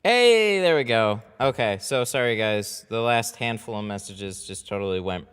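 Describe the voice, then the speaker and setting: A man's voice: medium pitch, lively intonation, moderate pace, a bit bright, clear, resonant tone. A man talking casually into a headset as he tints a window on a live stream, chatty and loose, swearing now and then when something goes wrong. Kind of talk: casual live-stream talk while working.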